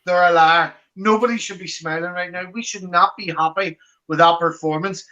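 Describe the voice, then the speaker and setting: A man's voice: high-pitched, steady tone, moderate pace, pushed and bright, lo-fi sound. A man co-hosting a fan podcast, who talks in a heated way and repeats himself for emphasis. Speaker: co-host of a fan channel. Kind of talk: post-match fan podcast.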